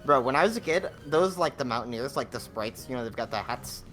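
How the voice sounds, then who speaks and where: A young man rambles through his game commentary, swearing freely and stopping for fillers. His pitch swings widely as he talks. Soft game music plays underneath. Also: expressive, brisk. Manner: rambling, profane, many fillers. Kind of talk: casual let's-play banter.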